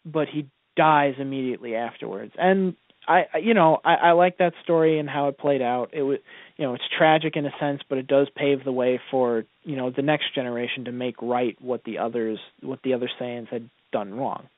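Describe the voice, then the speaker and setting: A man's voice: medium pitch, fairly quick, dry recording. A man co-hosting a radio show, talking casually with many fillers and restarts. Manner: hesitant, lots of fillers and restarts. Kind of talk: casual live radio chat. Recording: tinny phone-like sound, dry.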